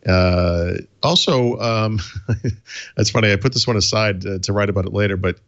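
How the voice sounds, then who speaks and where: Deep-voiced co-host. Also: male voice, normal speed, fairly bright tone, no room sound, highs cut off. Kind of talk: casual tech podcast chat.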